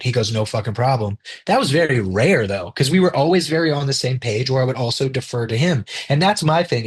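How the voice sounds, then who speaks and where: A man's voice: mid-range voice, slightly rough. A man talking casually in an interview about directing his film, loose and chatty, swearing now and then and acting out what others said.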